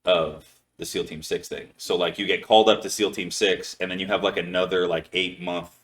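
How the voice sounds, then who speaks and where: A very low-pitched man tells a story on his podcast in a loose, casual way. His talk rambles and is full of swearing and "like" fillers. His voice sits deep in the chest. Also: level tone, a little fast, fairly bright tone. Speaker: podcast host.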